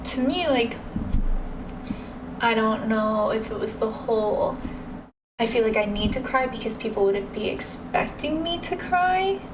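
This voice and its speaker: Woman, casual reaction commentary, matter-of-fact, slow speech, distant mic, noisy background. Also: on the high side. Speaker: reaction video host.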